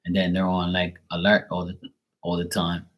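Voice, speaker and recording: A man reading tarot on a live stream, chatting bluntly to a viewer, swearing freely and getting animated when worked up. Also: low-pitched, moderate pace, poor audio. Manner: blunt, swears often, talks straight to a viewer. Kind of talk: casual live-stream chat.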